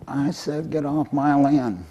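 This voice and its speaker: Man putting on a squeaky high cocky little mouse, bossy, storytelling voice. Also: slow pace, mellow, slight background noise. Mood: squeaky demanding. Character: tiny boastful male warrior mouse.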